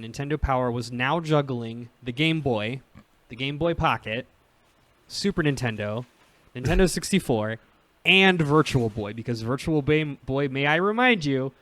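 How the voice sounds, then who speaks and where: A man's voice: mid-range voice, expressive, moderate pace, a bit bright. A man in his thirties hosting a podcast, chatting casually and rambling with lots of fillers and frequent laughs. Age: 30s. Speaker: podcast host. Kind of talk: casual chat.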